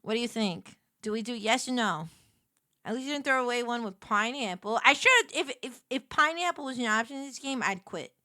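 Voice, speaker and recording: Talking to herself through casual gameplay commentary, a young woman streamer gets excitable and shouts once she's flustered. Her voice runs a little high and a little fast.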